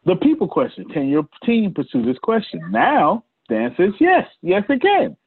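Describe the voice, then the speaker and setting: A man leading a business coaching session on a video call. He talks in an animated way and addresses attendees by name. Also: high voice, normal speed, breathy edge, no room sound. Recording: tinny phone-like call audio.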